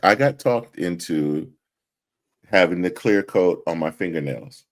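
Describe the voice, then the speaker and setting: A man's voice: deep voice, animated, unhurried. A man co-hosting a podcast, asking questions and chatting casually with frequent restarts. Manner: conversational, asks questions, hesitant restarts. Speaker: podcast co-host. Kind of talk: casual chat.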